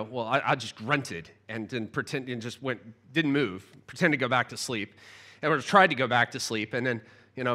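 A man's voice: high-pitched, sharp tone. A man preaching a sermon in church, telling a self-deprecating personal story and asking the congregation questions. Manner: self-deprecating, chatty, asks the audience questions.

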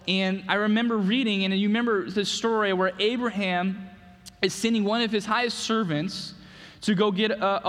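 A high-pitched male preacher gives an earnest sermon, often repeating a word as he pushes forward. His voice rings out in a church sanctuary with a long reverb trailing behind it. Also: a bit bright. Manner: earnest, repeats words, speaks in quick bursts. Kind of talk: sermon with personal testimony and prayer.

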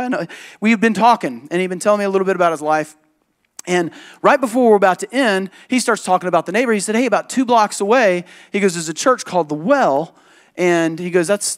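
A pastor preaching from the pulpit, his voice sitting high for a man. He tells stories with lots of animation and breaks into quick impressions of the people he describes, then lands his points with emphasis. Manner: animated storytelling, jumps into voices of others, emphatic. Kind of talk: sermon with personal story.

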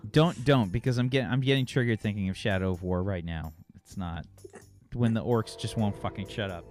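A man's voice: lowish voice, fairly quick, darkish tone, soft background music. A man narrating a tabletop role-play game as game master, rambling with many fillers. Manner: rambling, filler-heavy description.

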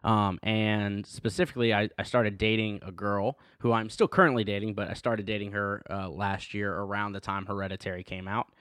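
A man's voice: on the low side, level tone, brisk, hardly any pauses, fairly bright tone, clean tone, no room sound, studio quality. A man appearing as a guest on a film review podcast, telling stories in an easygoing, chatty way.

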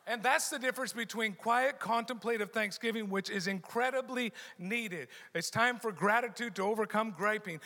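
A high, bright-toned middle-aged man preaches to his congregation, hammering home key phrases by repeating them. His voice rings through a large hall with a long reverb tail. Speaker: pastor. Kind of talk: sermon.

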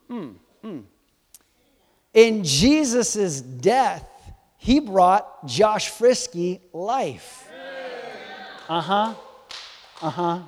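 A man preaching a sermon to a live congregation, animated and swinging from soft to loud, teasing and quizzing his listeners. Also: high voice. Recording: long hall reverb.

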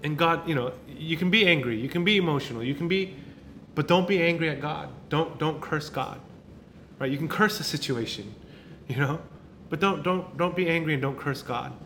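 Male pastor, informal sermon, fairly high voice, chatty delivery with repeats and tag questions, faint noise behind. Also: normal speed, fairly bright tone. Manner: conversational, repeats words, many tag questions.

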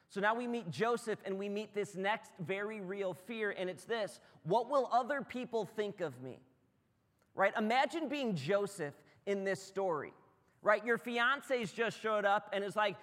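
Guy pastor giving a sermon, kinda high voice, acts out the dialogue, long church reverb. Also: moderate pace. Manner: animated storyteller, acts out dialogue in raised voice. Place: church auditorium.

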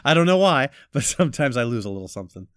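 A man's voice: mid-range voice, big pitch swings, fast talker, fairly bright tone, clean tone, no echo, clean studio sound. A man co-hosting a podcast in casual chat, teasing and laughing often. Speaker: podcast co-host.

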